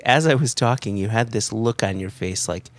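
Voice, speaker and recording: A man's voice: on the low side, moderate pace. A man with a Connecticut American accent hosting a podcast in a playful, joking casual chat. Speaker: podcast host.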